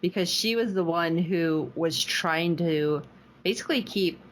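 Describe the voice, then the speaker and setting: Woman, podcast co-host, low voice, animated and emotional, faint background noise. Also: unhurried. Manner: animated, emotional, laughing often. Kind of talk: casual episode recap chat.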